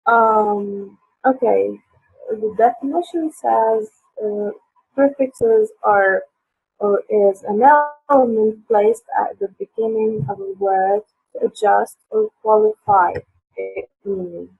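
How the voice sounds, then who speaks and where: A woman's voice: mid-range voice, expressive, takes it slowly, vocal fry, breathy edge, dry recording. A woman teaching an online English lesson, hesitant with many fillers, her voice sore. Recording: tinny phone-like line.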